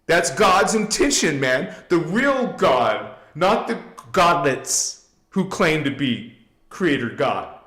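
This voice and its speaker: Man, spiritual livestream host, slow drawn-out delivery, repetitive and emphatic, slangy asides, echoey room. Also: a little high, a bit bright. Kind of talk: live spiritual teaching with chants.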